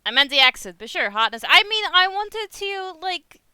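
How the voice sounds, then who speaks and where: A woman's voice: extremely high pitch, big pitch swings, moderate pace, sharp tone, no room sound. A young woman with a Dutch accent, chatting casually with her live-stream viewers and laughing often. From Netherlands. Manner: chatty, giggly, reads chat aloud.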